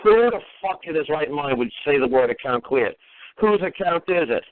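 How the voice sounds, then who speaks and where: A man's voice: a little high, expressive, moderate pace, no room sound. A man hosting a call-in radio show, ranting in an exasperated, profane way. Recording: tinny phone-line radio audio.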